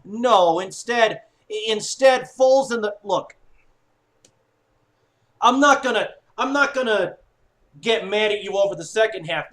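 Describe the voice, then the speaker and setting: A man giving an upset, sweary sports fan rant, swinging from low muttering to shouting. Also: measured pace. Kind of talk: ranting fan monologue.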